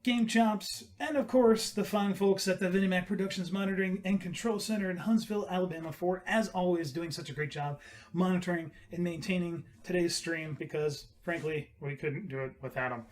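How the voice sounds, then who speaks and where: A man hosting a casual podcast show, energetic and teasing, often restarting his sentences. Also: sits high, brisk. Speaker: radio show host.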